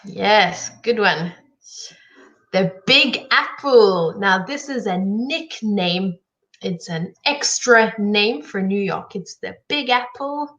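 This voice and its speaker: Slow-speaking woman English teacher. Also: mid-range voice, lively intonation, fairly bright tone, dull audio. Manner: slow, clear, encouraging teacher talk. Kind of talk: live online English lesson.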